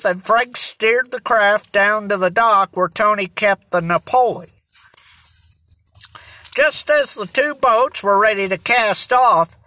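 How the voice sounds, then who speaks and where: An audiobook narrator reading a children's mystery at a slow, even pace. The voice is bright and close to the mic, in a dry, dead room. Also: medium pitch, no echo. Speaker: audiobook reader.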